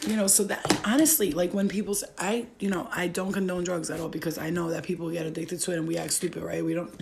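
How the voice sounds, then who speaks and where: A woman's voice: fairly low pitch, little pitch movement, fast talker, creaky, background noise. A woman in her thirties telling blunt, profane stories in a casual livestream, often laughing as she talks. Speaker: vlogger.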